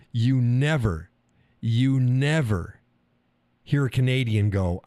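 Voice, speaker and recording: A man's voice: medium pitch, fairly quick, dark tone, no echo. A man from the United States, host of a live stream, ranting bluntly and profanely in a casual opinion monologue.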